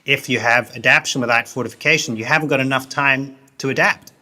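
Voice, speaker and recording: A man's voice: mid-range voice, steady tone, fast talker, sharp tone. A man, a business consultant, giving emphatic interview answers that repeat key phrases.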